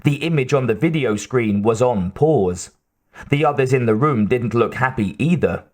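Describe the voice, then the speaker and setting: A man narrating an audiobook in a measured, steady way. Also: mid-range voice. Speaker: audiobook reader.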